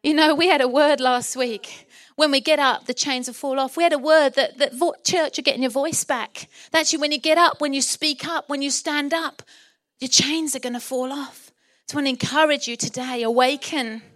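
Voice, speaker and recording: A woman's voice: high-pitched, fairly bright tone, dry recording, clean studio sound. A middle-aged woman from England preaching a sermon as pastor, impassioned and rousing, acting out the voices in her story.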